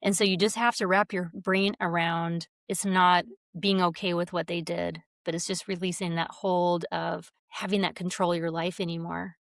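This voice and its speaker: Woman guest on a podcast, kinda low voice, earnest and open, dry close mic. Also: little pitch movement, normal speed, vocal fry, hardly any pauses, dry recording. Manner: earnest, open, laughs often, acts out her own inner voice. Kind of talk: reflective conversational interview.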